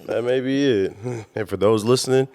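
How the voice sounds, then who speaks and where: A man's voice: medium pitch, fairly quick, a little mellow, slight background noise. A man co-hosting a podcast, joking and teasing in casual banter. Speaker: podcast co-host.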